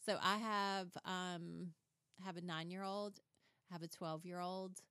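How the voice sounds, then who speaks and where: A woman's voice: on the low side, steady tone, slow, pushed and bright, clear, resonant tone, no room sound, clean studio sound. A woman in her thirties hosting a podcast, bubbly and laughing often as she chats. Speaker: podcast host. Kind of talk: casual chat.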